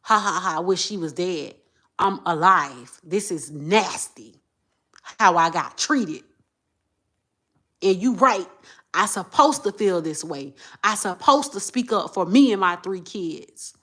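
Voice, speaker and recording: A woman, talking straight to her viewers in an emotional monologue. She repeats herself and swings from low muttering to loud outbursts. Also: lively intonation, slow pace. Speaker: vlogger.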